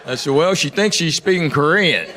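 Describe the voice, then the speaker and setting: A man with a drawl works through a stand-up set, his voice sitting a little high for a man. He spins stories at an easy pace and slips into playful imitations. Venue ambience hums clearly behind him in the live room. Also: expressive, moderate pace, heavy background noise. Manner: drawling storyteller, playful mimicry of locals. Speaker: stand-up comedian.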